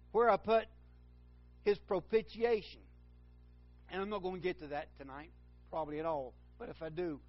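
Man preaching, rambling and self-correcting, higher voice, dull lo-fi sound, faint music behind. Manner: rambling, self-correcting, builds to fervent emphasis. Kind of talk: sermon.

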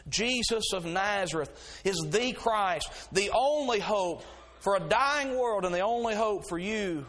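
At a measured pace, this middle-aged pastor opens his pulpit sermon with relaxed, folksy homely stories. He then climbs into fervent, insistent preaching, his voice sitting somewhat high for a man.

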